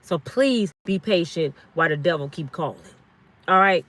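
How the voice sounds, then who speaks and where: This is a middle-aged woman with a slightly low-pitched voice, talking straight to her live-stream audience. She tells a personal story in an earnest, pleading way, circling back and repeating herself as she goes. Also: animated, moderate pace, fairly bright tone. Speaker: vlog host.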